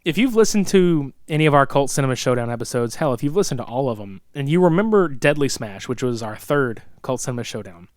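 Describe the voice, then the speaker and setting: A man's voice: medium pitch, fast, hardly any pauses, no echo, studio quality. A man in his thirties co-hosting a podcast, reviewing a film in casual, profane chat and acting out its scenes. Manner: excitable, swearing, acts out movie lines. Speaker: podcast co-host.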